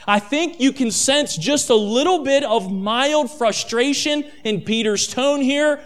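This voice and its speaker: A male pastor delivers a dramatic sermon in a high voice, calling his listeners family. He drops to a near hush for weighty lines, then climbs back to full strength as the story builds. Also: a little slow, hardly any pauses. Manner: dramatic, addresses listeners as family, swings between hushed and loud.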